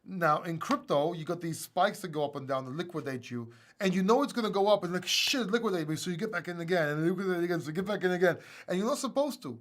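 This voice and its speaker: A man from Greece hosting a crypto live stream, chatting casually and answering viewer questions in an animated, self-mocking way with frequent laughs. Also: sits high, quick pace, hardly any pauses. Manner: animated and self-mocking, laughs often, bursts into loud acted outbursts.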